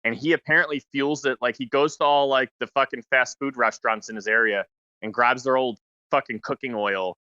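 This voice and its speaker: A man telling a story in a loose chat, laid-back and swearing constantly. His voice is bright and tense, and the audio is dull and lo-fi. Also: medium pitch, steady tone, fairly quick, no room sound. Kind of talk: casual chat.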